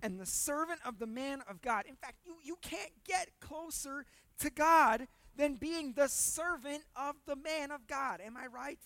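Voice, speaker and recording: A pastor giving a conversational sermon with humor, repeating words for emphasis and swinging between loud points and hushed asides. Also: high voice, a little slow, no echo.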